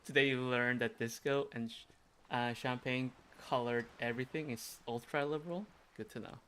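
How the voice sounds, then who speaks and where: A man's voice: mid-range voice, steady tone, normal speed, sharp tone, clear, resonant tone. A man streaming a video game, chatting casually and sarcastically, swearing and laughing often.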